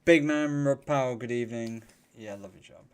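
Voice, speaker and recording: A man hosting a casual live stream, chatty and quick to laugh, greeting viewers by name. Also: mid-range voice, smooth. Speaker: livestream host.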